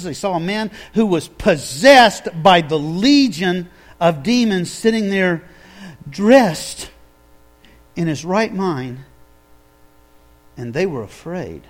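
A male preacher delivering a sermon, telling the story with lively energy and asking his listeners questions. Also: high voice. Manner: animated storytelling, asks the audience questions.

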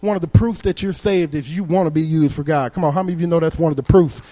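With a fairly high, mellow voice and a quick pace, a man preaches as a guest in a church sanctuary. His sermon rises toward forceful, emphatic appeals to the congregation.

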